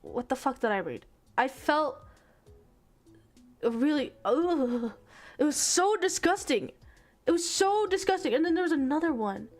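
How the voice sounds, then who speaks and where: A young woman streamer retelling a story in casual chat, exasperated, animated and swearing freely. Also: high voice, measured pace, pauses often, faint music behind.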